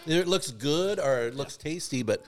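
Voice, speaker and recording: A man's voice: fairly high pitch, lively intonation, moderate pace, faint music behind. A man co-hosting a podcast in casual chat, telling wry jokes. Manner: wry, joking storyteller. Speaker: podcast co-host.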